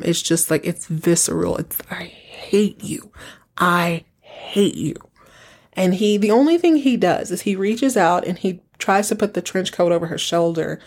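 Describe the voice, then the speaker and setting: A woman with a slightly low voice hosts a casual podcast and walks through a TV episode scene by scene. She tells it with animated emphasis, often repeating a phrase for effect. The talk is relaxed and chatty. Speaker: podcast host recapping a TV episode. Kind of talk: casual chat.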